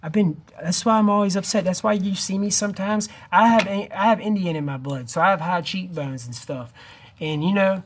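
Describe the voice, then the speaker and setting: A man's voice: high voice, moderate pace, slight background noise. Pleading, emotional man vlogging to camera. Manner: urgent, pleading, repeats "dude" and "man"; emotional and wavering, near tears. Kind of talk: impassioned direct-to-camera vlog.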